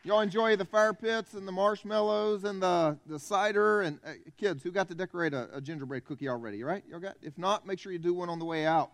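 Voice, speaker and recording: A man's voice: high voice, a little fast, few pauses. A man from South Carolina, preaching a folksy, conversational Christmas Eve sermon in a church. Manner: conversational, folksy, jokes with the congregation. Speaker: pastor.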